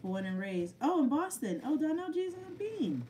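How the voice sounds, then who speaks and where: A woman's voice: sits high, big pitch swings, moderate pace, mellow, far from the mic, a little hiss or hum. A woman battle rapper answering viewer questions in a casual live chat, blunt and swearing freely, often laughing.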